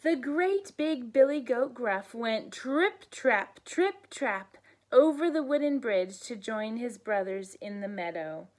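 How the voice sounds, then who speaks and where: Slow, gentle woman reading a bedtime story. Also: on the high side, lively intonation. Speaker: teacher reading bedtime stories. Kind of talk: storybook read-aloud.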